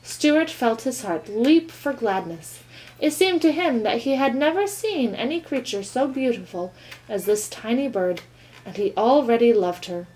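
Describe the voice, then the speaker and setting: A woman's voice: fairly high pitch, a little slow, a little hiss or hum, low-quality recording. Woman reading a children's book aloud. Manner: calm, expressive storytelling. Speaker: reader.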